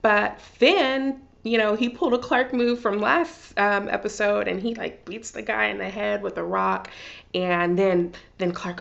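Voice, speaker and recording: A woman chatting excitedly through a TV episode recap, full of fillers and gushing asides. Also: medium pitch, measured pace, vocal fry, muffled recording. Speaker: TV recap vlogger. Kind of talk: casual TV recap.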